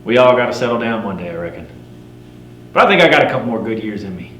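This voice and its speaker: A middle-aged man playing a boastful frontier fur trapper, spinning a first-person campfire tall tale in a folksy drawl with rough frontier grammar, wry and swaggering. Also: on the low side, lively intonation, fast, a bit bright. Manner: swaggering, wry, chuckling at his own yarns. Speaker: living history storyteller. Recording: roomy recording with faint hum.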